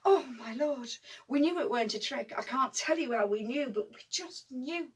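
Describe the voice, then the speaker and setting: Actress as young Northern English WWI nurse, broad dialect, vivid storytelling, higher voice. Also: female voice, animated, normal speed, breathy edge, recorded from a distance. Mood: amused. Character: young First World War nurse, warm-hearted, plain-spoken. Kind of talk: dramatic monologue.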